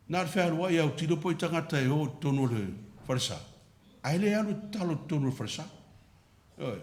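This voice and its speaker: A man with a Samoan accent, a pastor telling a story in a sermon and switching between Samoan and English. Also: fairly high pitch. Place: church. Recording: roomy church reverb.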